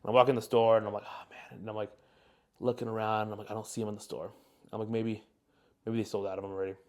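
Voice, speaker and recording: Lowish and flat, this twenty-something man's voice races along very fast. As a podcast co-host, he chats casually and spins a long, wandering story full of filler words.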